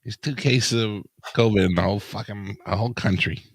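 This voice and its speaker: A man's voice: on the low side, fairly even intonation, brisk, gravelly, no echo, clean studio sound. A man co-hosting a podcast, chiming in with laid-back, wry remarks. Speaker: podcast co-host. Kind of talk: casual podcast chat.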